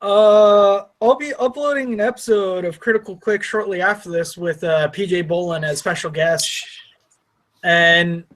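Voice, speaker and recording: A man's voice: sits high, fairly even intonation, a bit bright. A man chatting as a guest on a live-streamed gaming round table, rambling with many restarts. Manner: rambling, restarts and drawn-out laughs. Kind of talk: casual group chat on a live stream.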